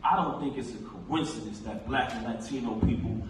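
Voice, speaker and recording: A man's voice: medium pitch, fairly quick. A man giving an impassioned, emphatic eulogy at a memorial, recounting talks with his late friend, speaking in a large theater hall. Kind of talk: memorial speech. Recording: echoey hall, distant pickup, faint noise.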